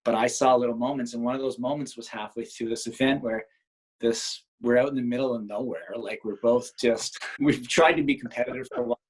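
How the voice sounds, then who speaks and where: A man's voice: mid-range voice, fairly even intonation, fairly quick, husky, low-quality recording. A Canadian man in his forties, a guest on a video-call interview, telling reflective stories with frequent restarts. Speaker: guest, former Olympic triathlete. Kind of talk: casual conversational interview.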